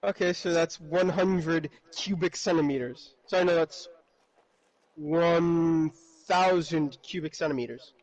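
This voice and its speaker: A man in casual chat while playing a game, joking and breaking into loud cursing outbursts. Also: on the high side, a little slow, rough recording. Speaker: gamer on stream.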